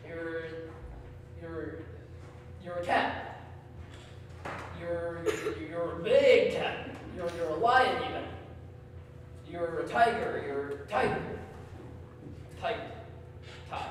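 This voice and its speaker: A man's voice: high voice, a bit bright, a little hiss or hum. A man performing live improv comedy, stammering and repeating himself as he tries out guesses in front of an audience. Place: large hall before an audience. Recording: echoey hall from far off.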